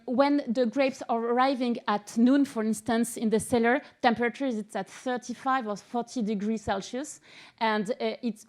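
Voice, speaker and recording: French woman searching for English words. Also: on the high side. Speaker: agronomist panelist. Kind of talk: panel talk.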